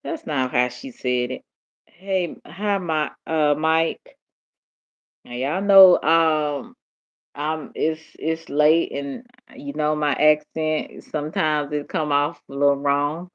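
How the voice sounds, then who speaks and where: Sleepy low-voiced Southern woman. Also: slow. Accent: Southern US, Dallas. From Tennessee. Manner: drowsy, drawling, laughs often. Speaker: livestream host. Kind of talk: late-night casual chat reading comments. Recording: dull lo-fi stream audio.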